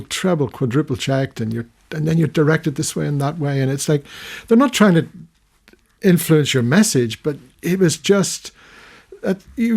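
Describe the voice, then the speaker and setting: An older man, a retired documentary filmmaker from the United Kingdom, recounting his career as a guest in a long-form radio studio interview, animated and full of restarts. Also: fairly high pitch, gravelly. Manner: storytelling, animated when recounting, many restarts.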